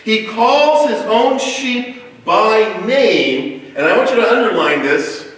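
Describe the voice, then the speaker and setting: A man preaching a sermon as pastor, telling stories in a lively way with stumbling restarts, recorded from a distance in a church. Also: high voice, slow pace, slight background noise. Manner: animated and storytelling, with stumbling restarts. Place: church sanctuary. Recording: echoey church hall picked up from far off.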